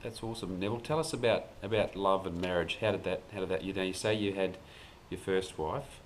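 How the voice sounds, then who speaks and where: Deep-voiced man asking halting questions. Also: poor audio. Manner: halting questions with repeated words. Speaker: interviewer. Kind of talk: casual interview. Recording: off-mic with faint background noise.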